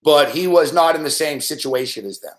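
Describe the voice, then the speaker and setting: Sarcastic guy ranting about football, swears a lot, kinda high voice, roomy echo. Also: lively intonation, fairly quick. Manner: profane, sarcastic, laughs often. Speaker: sports betting show host. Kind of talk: ranting sports commentary.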